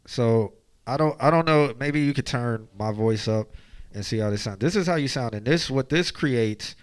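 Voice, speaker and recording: A man's voice: medium pitch, normal speed, smooth. Casual male music-stream host. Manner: conversational, thinking aloud, trails off. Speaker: host reviewing music submissions. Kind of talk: casual live-stream chat.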